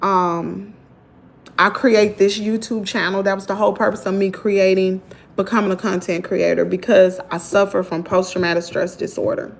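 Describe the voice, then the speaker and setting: A woman with a Southern American accent telling a story to her viewers in an animated, indignant vlog. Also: mid-range voice, gravelly. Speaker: vlogger.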